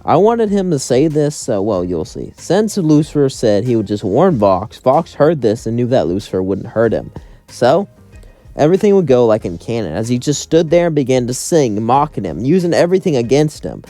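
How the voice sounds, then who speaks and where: A man's voice: mid-range voice, sing-song, moderate pace, dark tone, faint music behind. A young man narrating a what-if story casually, with rambling, chatty asides.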